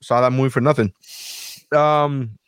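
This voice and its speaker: A man at a middle pitch, hosting a loose podcast conversation. He gushes in long, rambling stretches, cursing often, and the sound is close and dry with no room around it. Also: fairly even intonation, unhurried, clean tone, no echo. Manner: enthusiastic, rambling, swears freely. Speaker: podcast host. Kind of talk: casual chat.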